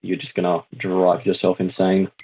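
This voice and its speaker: A man's voice: low voice, completely flat delivery, moderate pace, warm tone, slightly rough, highs cut off. A man chatting casually while playing a farming game, rambling and hedging as he talks. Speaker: roleplay player. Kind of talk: casual gaming chat.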